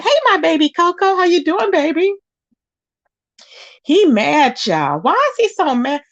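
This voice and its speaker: High-voiced sassy woman livestream host. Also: sing-song, muffled recording. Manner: sassy, drawn-out, talks straight to chat. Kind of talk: casual gossip commentary.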